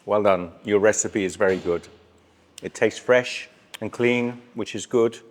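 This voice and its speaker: A man with a lowish voice and measured pace hosts a casual travel food vlog outdoors at a street stall. He's chatty and cheerful, laughs often and talks while eating.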